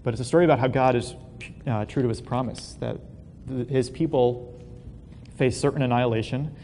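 A man telling a Bible story as a relaxed, casual lesson, full of fillers and joking asides. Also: fairly quick, faint music behind. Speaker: Bible teacher. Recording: long hall reverb, faint rumble.

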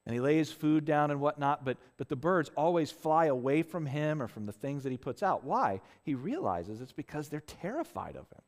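A man's voice: fairly high pitch, expressive, normal speed, few pauses, a little mellow, big-room sound. A man preaching a conversational sermon as a pastor, earnest, often restarting phrases and checking in with "right?". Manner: earnest, with frequent restarts and tag questions.

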